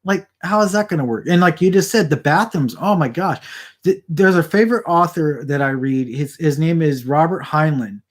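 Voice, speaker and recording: A man's voice: a little high, moderate pace. A man talking casually to a camera about four feet away, rambling and restarting his sentences often. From Southern California. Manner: rambling, frequent restarts and stammered repeats.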